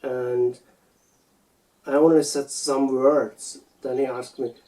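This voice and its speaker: Male, German accent, unscripted musing, halting delivery, dark tone, slightly distant from the mic. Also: mid-range voice, flat delivery. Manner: hesitant, halting with repeated words. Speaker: video essayist. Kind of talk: unscripted personal reflection.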